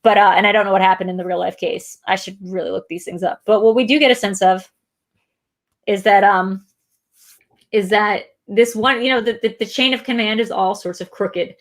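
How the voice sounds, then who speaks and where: A woman's voice: mid-range voice, fairly even intonation, moderate pace. Chatty woman rambling about a film. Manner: rambling, profane, heavy on filler words. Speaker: co-host of a movie discussion show. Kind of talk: casual film discussion chat.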